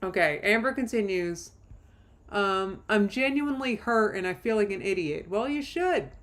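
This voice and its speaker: A woman's voice: mid-range voice, animated, moderate pace, fairly bright tone. A woman streamer talks through drama on a live reaction stream, her voice in an ordinary middle register. She reads messages aloud, laughs often and throws in mocking asides.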